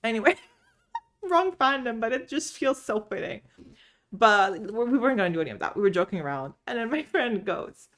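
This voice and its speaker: A woman chatting casually about books as a vlogger, bubbly and animated, laughing often while she tells stories from home. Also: fairly high pitch, moderate pace. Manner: animated storyteller. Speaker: book vlogger. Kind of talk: casual chat.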